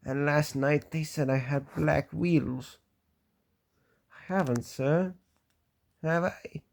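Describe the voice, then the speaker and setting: A man's voice: fairly high pitch, takes it slowly, vocal fry, voice pushed up. A man reading aloud, voicing a kind, meek little male engine who speaks timidly and politely.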